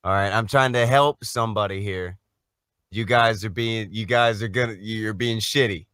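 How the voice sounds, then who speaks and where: A man with a fairly low voice rants through a talk-show livestream and swears freely as he scolds the chat. The sound is dry and close, with no room around it. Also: normal speed, pushed and bright, smooth, no echo. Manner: profane, ranting, scolding the audience. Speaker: co-host.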